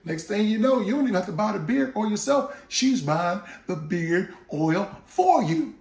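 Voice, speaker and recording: A man's voice: high voice, expressive, normal speed, gravelly, darkish tone, echoey room. A man in a casual, jokey vlog to camera, talking up his own beard oil and acting out little scenes. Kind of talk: casual product talk to camera.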